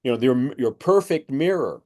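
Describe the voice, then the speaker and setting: A man's voice: mid-range voice, lively intonation, moderate pace, darkish tone. A middle-aged man, a spiritual teacher, talking in a rambling conversational way and acting out quoted voices as he explains.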